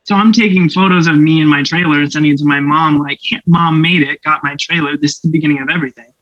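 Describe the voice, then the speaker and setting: Brief: young actor guest, animated storyteller, laughs often, dull dry podcast sound. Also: male voice, on the high side, fast, dry recording. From Canada. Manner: animated, laughing, acts out voices in anecdotes. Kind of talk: casual storytelling interview.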